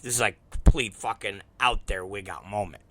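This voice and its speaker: A man's voice: fairly low pitch, moderate pace, a little hiss or hum. A man hosting a show, telling a profane comic story and acting out the quoted dialogue. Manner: animated, acts out quoted dialogue, heavy swearing. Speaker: show host.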